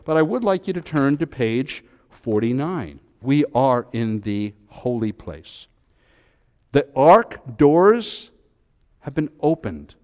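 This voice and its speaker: A man teaching a congregation about prayer, asking questions and leading them in chanting responses. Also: medium pitch. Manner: animated, leads group responses, asks questions. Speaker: rabbi teaching liturgy. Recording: long hall reverb.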